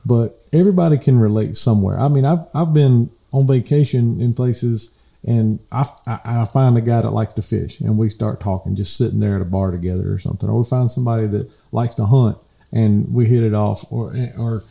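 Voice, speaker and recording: A man's voice: fairly low pitch, fairly even intonation, a little fast, creaky, warm tone. A man with a South Georgia Southern accent, co-hosting a casual podcast and telling rambling, folksy stories. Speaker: podcast co-host.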